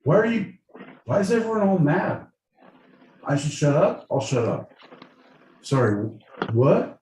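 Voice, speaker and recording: Brief: man putting on a spaced-out surfer bro, rambling and high-pitched, roomy distant mic. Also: big pitch swings, measured pace, a little mellow. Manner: rambling, spaced-out, stoner drawl with bro slang. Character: dazed surfer dude contestant from the west coast, young man. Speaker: podcast co-host.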